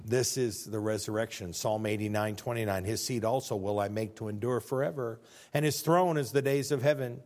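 Male preacher, sermon, reads scripture aloud, drops quiet and low then climbs loud and high. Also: fairly quick. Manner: reads scripture aloud in old-fashioned wording.

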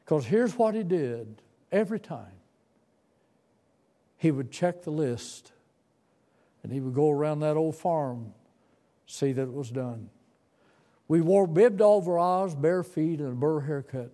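Old guy preaching, slow and folksy, soft mellow voice, kinda high. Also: lively intonation. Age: 70s. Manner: slow, folksy, tender storytelling. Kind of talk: sermon story.

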